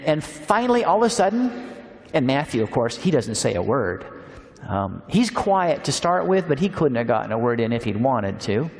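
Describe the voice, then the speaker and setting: Man preaching in a reverberant hall. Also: mid-range voice. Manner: warm storytelling, slows for emphasis. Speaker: speaker at a Christian seminar. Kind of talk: sermon. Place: large hall.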